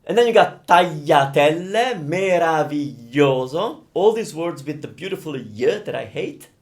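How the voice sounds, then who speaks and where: A young Italian man with an Italian accent, teaching pronunciation live and stretching out sounds to demonstrate them. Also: fairly high pitch. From Italy. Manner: animated, drawn-out demonstrations of sounds. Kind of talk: live-streamed pronunciation lesson.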